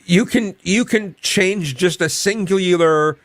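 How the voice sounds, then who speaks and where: Higher-voiced man, halting explanations. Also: fairly bright tone, no echo. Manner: halting, self-correcting, explanatory. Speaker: panel guest. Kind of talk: casual live panel chat.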